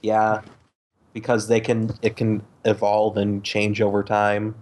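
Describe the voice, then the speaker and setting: A lower-voiced man chatting on a casual podcast. He is sardonic and profane, and he stops often for ums and uhs. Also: monotone, slow pace, noisy background. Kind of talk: casual group podcast chat.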